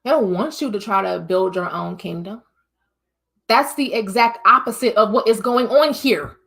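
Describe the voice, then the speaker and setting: A woman's voice: mid-range voice, normal speed, vocal fry, fairly bright tone. A woman from the United States hosting a vlog, giving a casual opinion monologue straight to her viewers in an emphatic, preachy way. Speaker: vlog host.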